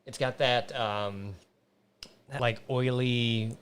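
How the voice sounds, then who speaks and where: A man's voice: mid-range voice, steady tone, slow pace, a bit bright, clean tone. Male co-host, mid-range voice, teasing, profane, casual whiskey chat. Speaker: show co-host. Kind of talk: casual live-stream chat while tasting whiskey.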